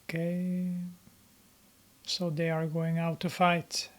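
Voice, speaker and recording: A film commentator gives casual running commentary while a movie plays, speaking in an unhurried way at medium pitch. The voice stays flat and even, with little rise or fall, and the delivery is hesitant, broken up by frequent pauses and fillers.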